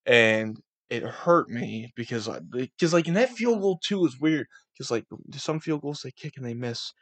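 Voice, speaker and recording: Animated profane young podcast host. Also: male voice, mid-range voice, moderate pace. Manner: loud, profane storytelling. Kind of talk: casual chat.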